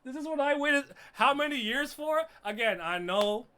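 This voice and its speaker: Man with a sharp, piercing voice. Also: extremely high pitch, lively intonation, normal speed, smooth. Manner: laughing, swearing, with loud frustrated outbursts. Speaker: streamer reacting to an anime episode. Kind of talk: casual reaction commentary.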